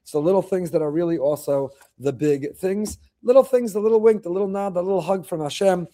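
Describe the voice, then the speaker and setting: A middle-aged man, a rabbi, giving a weekly faith talk, telling stories with animated delivery and repeating phrases for emphasis. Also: high voice, fast.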